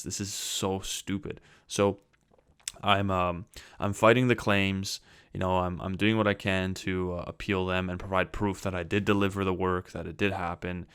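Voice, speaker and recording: A man's voice: low-pitched, a bit bright, smooth, no echo, studio quality. A young man vlogging, telling a story in an exasperated, ranting way. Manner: exasperated, ranting, swears when quoting himself. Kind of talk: casual storytelling to camera.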